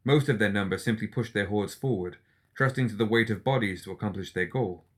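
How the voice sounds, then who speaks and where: A man with a fairly low voice narrates a fantasy audiobook. He reads in a steady, even storytelling manner. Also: brisk. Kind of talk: scripted fiction narration.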